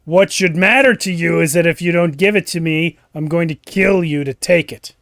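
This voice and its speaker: A man's voice: a little high, vocal fry, fairly bright tone, dry recording, studio quality. Slug, a man doing a scornful villain wizard. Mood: menacing. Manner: cold, threatening, slow and deliberate. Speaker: villain in a tabletop game.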